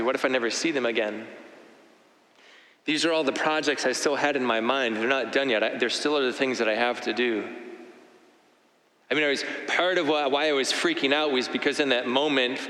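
A man giving an earnest, reflective personal testimony. He talks in halting phrases, often restarting and repeating himself. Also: mid-range voice, fairly bright tone. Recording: echoey hall with long reverb.

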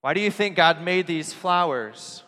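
A priest giving an earnest Christmas homily, asking rhetorical questions and dropping softly on key phrases. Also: male voice, on the high side, measured pace. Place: church. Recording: long church reverb.

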